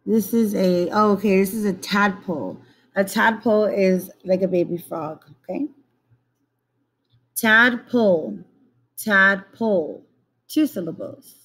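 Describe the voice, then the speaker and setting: A woman teaching young children a lesson, slowly repeating each word to model its syllables. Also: medium pitch.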